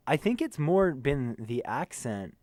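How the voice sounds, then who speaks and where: A man's voice: medium pitch, unhurried, no room sound. Chatty American man, bone-dry sound. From United States. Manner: animated, joking, rambling. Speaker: tour manager. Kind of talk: casual interview chat.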